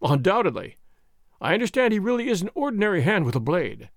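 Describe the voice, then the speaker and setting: A man's voice: sits high, sing-song, fast talker, vocal fry, dry recording, studio quality, exaggerated voice. A man voicing an arrogant army captain who speaks in a formal, self-assured, boasting way. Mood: scornful.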